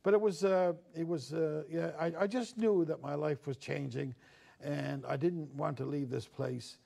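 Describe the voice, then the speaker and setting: This older columnist from Newfoundland, Canada, speaks in a slightly high, mellow voice with vocal fry, a steady tone and a moderate pace. Seated for an interview, he reflects on his childhood and acts out the voices in his stories.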